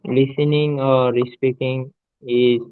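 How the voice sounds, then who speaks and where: A man learning English, talking in a casual practice chat, speaking in slow, halting phrases. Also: medium pitch, little pitch movement, clear, resonant tone. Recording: tinny phone-like line.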